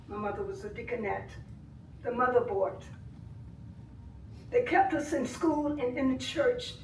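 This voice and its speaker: An older woman giving impassioned public comment at a board meeting, swinging between soft grief and loud anger. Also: high-pitched, a little hiss or hum. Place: village board meeting room. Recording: echoey room, voice from far off.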